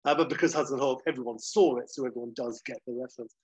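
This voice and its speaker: A man co-hosting a podcast, telling a comic sequel plot in a casual, animated way. He jumps into the characters' lines and laughs often. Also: medium pitch, fast, breathy edge, no echo, low-quality recording. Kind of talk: casual comedic storytelling.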